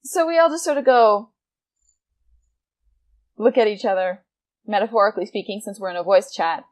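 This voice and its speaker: A gaming vlogger in her twenties tells a gaming story with casual energy in a medium-pitched voice at normal speed. She swears freely and keeps breaking into laughter.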